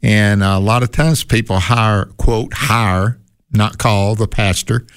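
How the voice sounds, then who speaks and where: Lower-voiced guy teaching bible stuff, asks and answers himself, dry sound. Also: steady tone, slow, clear, resonant tone, no room sound. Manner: asks questions and answers them himself, emphatic. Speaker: co-host.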